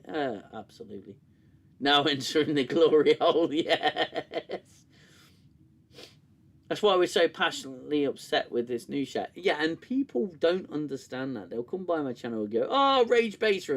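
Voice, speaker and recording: A man hosts a casual livestream in a middle-pitched voice. He rambles candidly, swears freely and breaks into laughter easily as he talks. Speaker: host of a TV review livestream.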